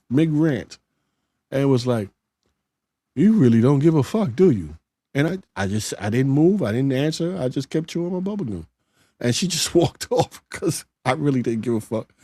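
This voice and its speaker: A man's voice: medium pitch, expressive, moderate pace, warm tone, no room sound. A middle-aged man hosting a live show, talking in a plainspoken, conversational way with frequent restarts as he reads out viewer comments. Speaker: host reading viewer comments. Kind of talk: casual live-stream chat.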